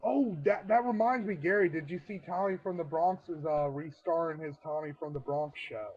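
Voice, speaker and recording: A man's voice: on the high side, moderate pace, darkish tone, slightly rough, dull audio. A man chatting casually, swearing freely. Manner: casual, profane. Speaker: chat participant. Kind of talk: casual group chat.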